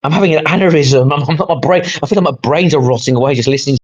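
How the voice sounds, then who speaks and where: A man's voice: a little high, rapid-fire, lo-fi sound. Exasperated, swearing man ranting. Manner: exasperated, sarcastic, swears often, rants. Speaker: podcast host. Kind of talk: heated reaction commentary.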